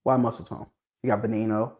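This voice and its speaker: A man hosting a relaxed livestream on dog pedigrees talks at a quick pace in a fairly low voice. He's animated, repeats himself, and prods his audience with questions.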